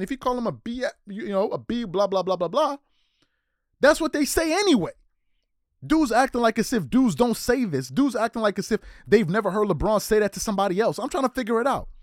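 Guy going off on a sports rant, high lively voice, aave, dry close sound. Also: no echo. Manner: heated, incredulous, repetitive rhetorical questions. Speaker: sports commentary host.

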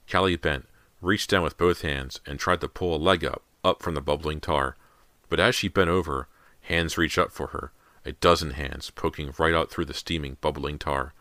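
A man's voice: extremely low pitch, sharp tone, dry recording. A man narrating a horror audiobook in a suspenseful, dramatic reading.

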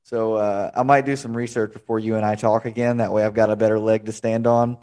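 A man's voice: lowish voice, little pitch movement, brisk, warm tone, clean tone. A young man hosting a podcast interview, chatting casually and rambling through stories. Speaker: podcast host.

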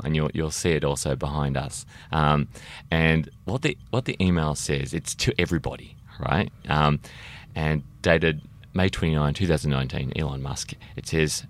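Low-voiced podcast host. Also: male voice. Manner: chatty, laughs often, reads tweets aloud. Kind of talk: casual motoring podcast chat.

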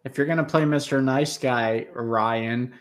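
A man's voice: medium pitch, steady tone, measured pace. Wisecracking man co-hosting a stream. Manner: wisecracking, teasing. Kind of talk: casual live stream chat.

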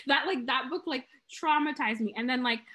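Young woman guest, bright high voice, gushing chat. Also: brisk. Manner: gushing, dramatic, quotes herself a lot. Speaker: podcast guest. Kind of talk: casual chat.

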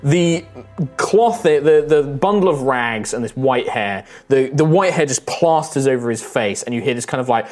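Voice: medium pitch, lively intonation, normal speed, darkish tone, faint music behind. A game master narrating a tabletop game in a loose, chatty way, full of fillers and laughs.

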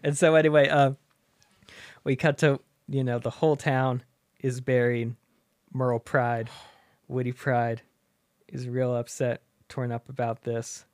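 This time his mid-range voice runs a little slow, with frequent pauses. He's still animated, laughing often and putting on character voices while telling the story in casual chat. The studio sound is clean, with no room sound at all.

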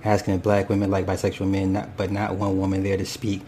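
A man's voice: deep voice, monotone, fast talker, mellow, slight background noise. A man hosting a casual commentary stream, reading chat and speaking bluntly and profanely, rambling with restarts.

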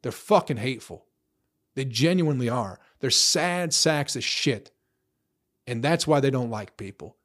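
A man's voice: medium pitch, expressive, measured pace, fairly bright tone. A young man in a profane, rambling casual rant, blunt, tossing in "bro" and "you know" often. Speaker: vlogger.

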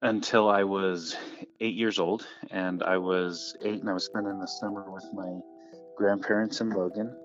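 Low-voiced guy rambling through a ghost story, lots of ums, kinda muffled recording. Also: fairly even intonation, normal speed, music in the background. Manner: rambling, with many fillers and restarts. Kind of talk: casual recounted ghost story.

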